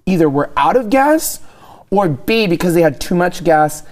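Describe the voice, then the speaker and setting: A man's voice: high-pitched, big pitch swings, moderate pace, darkish tone. A man who is a guest commentator, chatting casually about politics in a joking, sarcastic way and laughing often.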